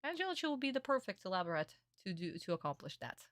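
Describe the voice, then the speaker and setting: A young woman streamer in a casual reaction stream, excitable and gushing, swearing often. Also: medium pitch, fast, dry recording, studio quality.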